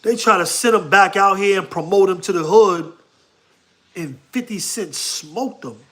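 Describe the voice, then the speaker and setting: A man's voice: high voice, unhurried, a bit bright. A man with a New York accent hosting a casual livestream, laughing often and talking slangily to his chat. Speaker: livestream host.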